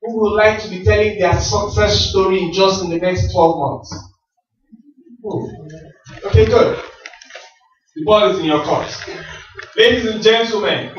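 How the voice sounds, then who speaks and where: A man with a high voice gives a motivational rally talk. He preaches in rhythmic questions that he answers himself. He sounds distant in a very echoey hall, and the sound is muffled. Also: measured pace, pauses often, fairly bright tone. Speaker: motivational speaker at a business rally.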